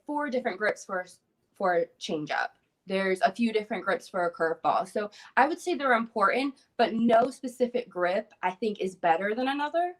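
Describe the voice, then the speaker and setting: A young woman, a former softball pitcher, chatting casually as a guest on a video-call interview, with frequent fillers and light laughs. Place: room at home.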